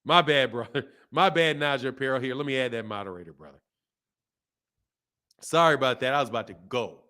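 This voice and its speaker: A man hosting a boxing live stream, reading viewer comments and ranting in animated, slangy talk. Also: medium pitch, a little fast. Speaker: boxing channel host.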